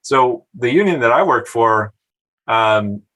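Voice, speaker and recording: A man speaking as a guest on a podcast, explaining housing and labor issues in a measured, analytical way with mild hesitations. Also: mid-range voice, lively intonation, a bit bright, rough recording. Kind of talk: podcast interview.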